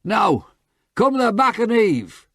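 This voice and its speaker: A man voicing a gruff rustic rescuer who calls out urgently in broad country dialect. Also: high-pitched, big pitch swings, slow, dry recording, studio quality, voice pushed up, exaggerated voice. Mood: urgent calling. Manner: loud, urgent calling.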